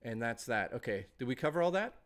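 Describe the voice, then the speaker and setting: A man's voice: mid-range voice, very animated, fast. A man streaming casually, rambling and chatting and reading out messages from his chat.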